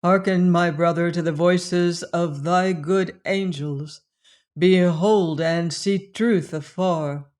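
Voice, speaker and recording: A narrator voicing a fearless male shaman who speaks in a loud, commanding way. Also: fairly high pitch, steady tone, measured pace, lightly acted.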